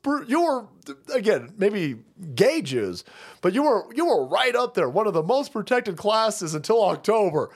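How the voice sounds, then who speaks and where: Man ranting with wildly swinging pitch. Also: very animated, a little slow. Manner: profane, heated, mocking rant with frequent laughs. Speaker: streamer host. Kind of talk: ranting live-stream commentary.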